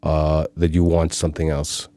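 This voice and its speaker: Un hombre de Chipre, locutor invitado en una entrevista de pódcast, que habla con seguridad y calma. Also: male voice, a bass voice, normal speed, no echo. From Cyprus. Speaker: guest, voiceover artist. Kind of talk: casual podcast interview.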